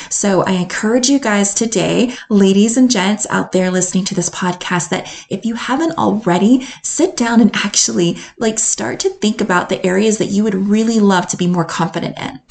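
A woman's voice: mid-range voice, vocal fry, a little mellow. An American woman from North Carolina, a confidence coach hosting a solo podcast, talking in an upbeat, enthusiastic way and laughing often. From North Carolina, USA.

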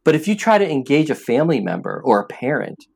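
A man's voice: mid-range voice, sing-song, quick pace, gravelly, slightly rough. A man being interviewed as an app founder, talking earnestly and with emphasis, often repeating words as he starts a thought. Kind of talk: interview conversation.

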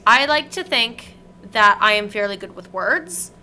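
A woman's voice: medium pitch, expressive, measured pace, pushed and bright, a little hiss or hum. A woman interviewing in casual conversation, speaking emphatically and with indignation.

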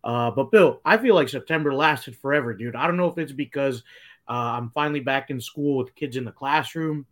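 A man's voice: mid-range voice, brisk. A young man from New Jersey co-hosting a casual chat show, easygoing and chatty. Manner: easygoing, chatty, says dude. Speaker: co-host.

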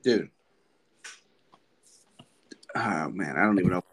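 A man's voice: deep voice, animated, slow, breathy edge. A young man co-hosting a podcast, chatting casually and rambling with lots of laughs and fillers. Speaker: podcast co-host. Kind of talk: casual chat.

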